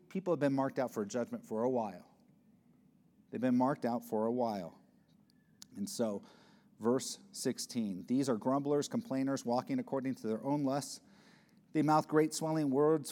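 Male pastor, mid-pitched voice, earnest and conversational sermon delivery. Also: warm tone. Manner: earnest, conversational preaching with restarts and sighs.

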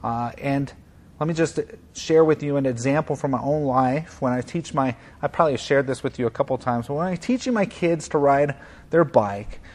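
A man pastor preaching a sermon in an earnest, conversational way, moving between soft moments and emphatic ones. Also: mid-range voice, moderate pace.

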